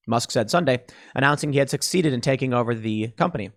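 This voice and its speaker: A man's voice: mid-range voice, fast talker. A man hosting a podcast, giving emphatic, sarcastic commentary. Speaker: podcast host. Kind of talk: opinionated commentary.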